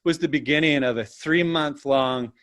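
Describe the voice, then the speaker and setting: A man as an interview guest, telling a personal story in a lively, casual way and often tagging his sentences with "right?". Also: on the high side, moderate pace. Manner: animated, tags sentences with "right?".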